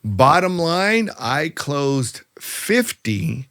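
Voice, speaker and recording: A man's voice: on the high side, very animated, extremely slow, fairly bright tone. A middle-aged man, a realtor guest, telling stories emphatically in a casual interview and often calling the host by name.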